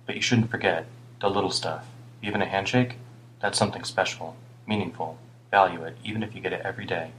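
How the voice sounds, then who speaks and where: Speaking fast in a fairly bright tone, a male narrator portrays a weary older homeless Briton rambling regretfully and blaming himself, his voice low and deep with occasional muttering. The audio is poor, with a faint hum behind him.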